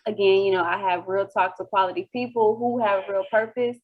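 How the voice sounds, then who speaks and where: A woman's voice: mid-range voice, steady tone, a little fast, narrow, tinny audio. A woman hosting a casual interview show, speaking in an encouraging, chatty way with many "you know"s. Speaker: host.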